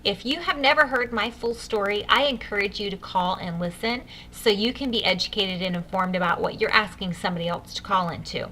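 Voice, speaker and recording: Talking fairly quickly with few pauses, a woman leads an enthusiastic sales training for new consultants, coaching them directly. Her mid-range voice has a sharp edge, and there's a faint hiss or hum.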